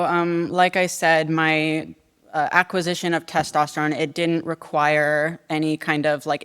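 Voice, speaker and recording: A woman in her twenties giving formal testimony at a hearing, earnest and measured, then answering questions with some hesitation. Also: low voice, fairly bright tone, clean tone. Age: 20s. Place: legislative hearing room. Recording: long reverb of a hearing room.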